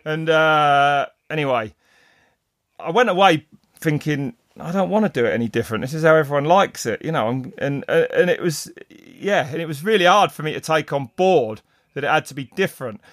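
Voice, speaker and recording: A middle-aged man, a race commentator, telling stories in casual chat, rambling and animated with many restarts. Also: fairly high pitch, normal speed, no echo, clean studio sound. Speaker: mountain bike race commentator. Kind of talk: casual podcast storytelling.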